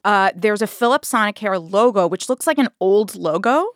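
A woman telling a story to podcast hosts in a casual, animated way, laughing as she goes and acting out what people said. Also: medium pitch, moderate pace, dry recording, studio quality. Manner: animated, laughs while telling, acts out quotes.

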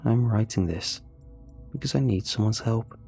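A man narrating a first-person horror story in a measured, scripted way. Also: lowish voice, vocal fry, a little mellow, soft background music.

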